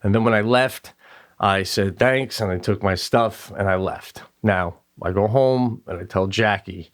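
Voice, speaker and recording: A man co-hosting a podcast, telling casual comedic stories and acting out quotes with jumps in his voice. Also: unhurried. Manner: animated, acts out quotes in high voices. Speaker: podcast co-host.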